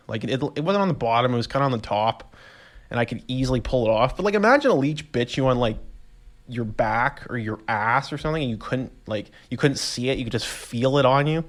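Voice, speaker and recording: Young dude rambling on his podcast, super lively up and down voice, laughs at himself. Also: medium pitch, fairly quick. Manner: rambling, animated storytelling with laughs and voiced reactions. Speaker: podcast host. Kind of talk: casual solo monologue.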